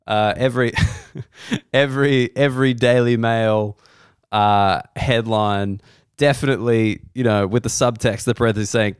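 A man's voice: medium pitch, fairly even intonation, unhurried, clean tone, no echo, studio quality. A man in his thirties with an Australian accent, a comedian doing a rambling, wry, self-deprecating solo podcast monologue.

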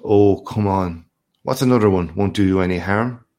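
A man's voice: sits low, normal speed, a little mellow, close to an everyday voice. A man playing a boastful man-of-the-world. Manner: hearty, expansive, swaggering. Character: boastful worldly Irish journalist, man, middle-aged.

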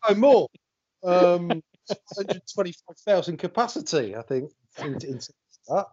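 A fairly high-voiced man makes halting guesses on a podcast quiz, his sentences often trailing off quietly. The audio is dull and lo-fi, with a dry, close sound. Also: animated, breathy edge, no room sound. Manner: hesitant guesses, trails off into mumbles. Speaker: podcast co-host, quiz contestant. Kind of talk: casual podcast chat.

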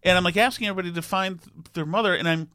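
A man in his forties telling a comic story about himself, self-deprecating and animated, acting out the dialogue. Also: high-pitched, very fast, no echo, studio quality. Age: 40s. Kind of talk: comedic storytelling.

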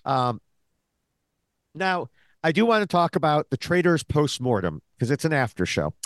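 A man co-hosts a reality-show recap podcast, chatting casually. His voice is animated and a touch high, and he drifts into fillers. The sound is dry and close, with no room echo. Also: moderate pace. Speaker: podcast co-host. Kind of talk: casual chat.

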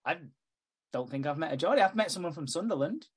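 A man's voice: fairly high pitch, lively intonation, fast, breathy edge. A man on a casual podcast, swearing often and laughing easily as he retells a soap episode and acts out its characters' lines. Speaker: podcast host. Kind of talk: casual chat, recapping a soap.

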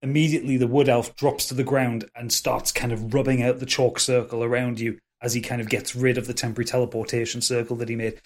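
A man narrates a tabletop role-playing game as its game master. He stumbles often, backing up and restarting his sentences, with a voice in an ordinary middle pitch. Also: little pitch movement. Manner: halting, many restarts and fillers.

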